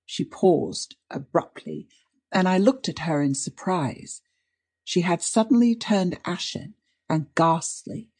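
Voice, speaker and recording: A woman narrates an old mystery in a measured, dramatic reading. Her voice is low and dark with a husky grain. The pacing is steady and deliberate. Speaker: audiobook reader. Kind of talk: scripted narration.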